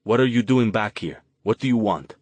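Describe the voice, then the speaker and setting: A male narrator voicing a middle-aged vagrant man who speaks gruff, gravelly and curt. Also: on the low side, lively intonation, moderate pace, darkish tone, no echo. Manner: rude, curt.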